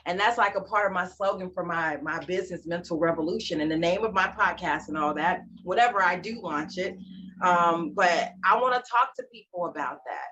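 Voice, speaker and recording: A woman in her forties, a life coach, talking about her life as a podcast guest, animated and emphatic. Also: on the low side, fairly quick, a little hiss or hum. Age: 40s. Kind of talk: casual interview chat. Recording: slightly dull lo-fi sound.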